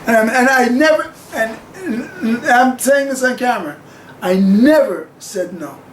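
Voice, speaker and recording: A man's voice: very high-pitched, animated, unhurried, roomy sound, slight background noise, poor audio. A man telling a personal story to camera in a rambling, chuckling way with plenty of fillers.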